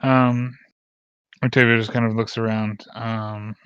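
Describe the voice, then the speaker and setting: A man narrating a tabletop game as game master, in a relaxed way with many fillers. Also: medium pitch, a little slow, smooth, dry recording. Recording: muffled lo-fi mic.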